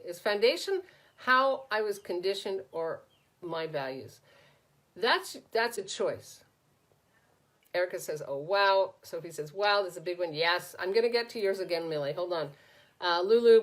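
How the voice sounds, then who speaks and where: A woman coach hosting a live question-and-answer session, reading viewers' comments aloud and answering them in a conversational way, often tagging "right?" onto her points. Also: medium pitch. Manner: conversational, frequently adds "right?". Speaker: coach and podcast host.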